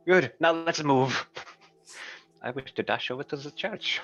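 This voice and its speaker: A man's voice: fairly high pitch, unhurried, fairly bright tone, dull audio, soft background music. A man playing a tabletop game, talking playfully and theatrically in and out of character. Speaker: player.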